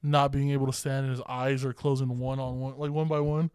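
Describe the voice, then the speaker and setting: A man's voice: medium pitch, flat delivery, fairly quick, darkish tone, clean tone, no echo. A young man co-hosting a podcast, telling a bar story in casual, profane, laughing chat. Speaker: podcast co-host.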